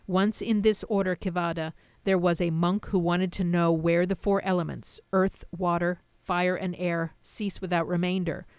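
Low, smooth-voiced woman teaching. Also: darkish tone, no echo. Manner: storytelling with plain asides. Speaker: dharma teacher. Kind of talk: explaining a Buddhist sutta.

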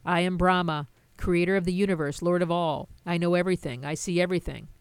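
A woman's voice: fairly low pitch, steady tone, quick pace, smooth, no room sound, close to an everyday voice. A woman voicing a boastful male creator god who keeps repeating his titles. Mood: grandiose.

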